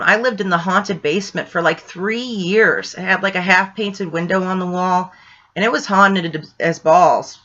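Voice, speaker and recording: A woman ghost hunter telling a rambling, excitable story in a casual vlog, full of fillers. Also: on the low side. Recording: dull lo-fi sound.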